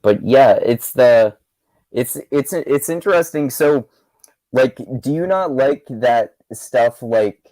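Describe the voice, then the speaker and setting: A man's voice: mid-range voice, animated, takes it slowly, dark tone, no room sound. A man co-hosting a book club podcast, asking questions and laughing often. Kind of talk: casual podcast chat.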